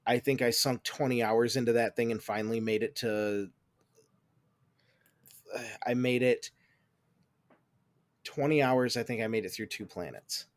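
A man's voice: mid-range voice, unhurried, long pauses, dry recording. A man, a guest on a gaming podcast, giving blunt, profane opinions. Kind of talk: casual chat.

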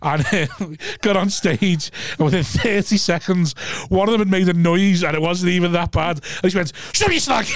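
A man, a comedian telling crude, quick anecdotes in casual podcast chat on a close mic. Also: high-pitched, wildly swooping pitch, a little hiss or hum.

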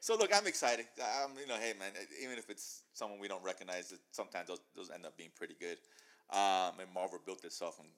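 A man hosting a casual podcast chat, excitable and animated, often talking over his co-hosts. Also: low voice, a little fast. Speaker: podcast host.

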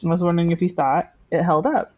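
A podcast co-host in casual chat, talking hesitantly with restarts and quick agreeing replies. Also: mid-range voice. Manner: conversational, hesitant, with frequent restarts and agreeing interjections. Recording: dull lo-fi recording.

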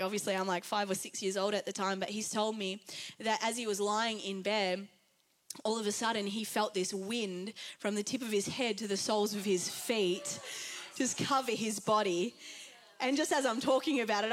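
A young Australian woman preaching an earnest, chatty Pentecostal sermon to a congregation. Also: fairly high pitch. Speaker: guest preacher.

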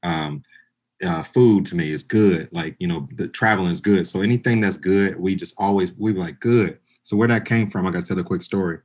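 A man's voice: sits low, fairly quick, darkish tone. A man hosting a podcast in casual chat, talking in an earnest, playful and emphatic way. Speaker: podcast host.

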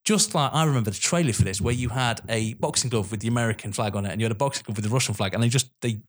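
A man with a British accent in casual chat as a podcast co-host, excitable, swearing and laughing a lot. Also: medium pitch, rapid-fire. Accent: British English.

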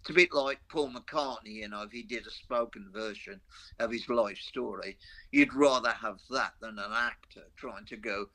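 A man's voice: fairly low pitch, moderate pace, pushed and bright. Chatty older man with Black Country accent. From Black Country, English Midlands. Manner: chatty, rambling anecdotes with self-mocking humour. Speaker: veteran rock guitarist, interview guest. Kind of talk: casual interview chat.

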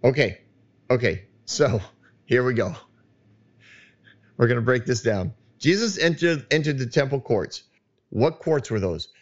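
A man hosting his own podcast, talking at a studio mic in an animated, emphatic way that turns loud. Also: mid-range voice, measured pace, long pauses, highs cut off. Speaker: podcast host. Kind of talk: solo podcast monologue. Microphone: studio microphone.

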